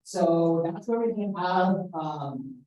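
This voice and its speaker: A woman's voice: fairly low pitch, animated, takes it slowly, warm tone, recorded from a distance, lo-fi sound. A young woman teaching a workshop in a casual classroom manner, hesitant, with many fillers and restarts. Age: young adult. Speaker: workshop instructor. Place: lecture room. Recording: roomy echo, voice from afar.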